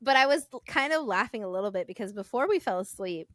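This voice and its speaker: A woman in her thirties co-hosting a podcast, telling a story in lively, swearing casual chat and acting out the voices in it. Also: mid-range voice, fast talker, no room sound, studio quality. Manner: animated, swearing, acts out dialogue in her story. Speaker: podcast co-host.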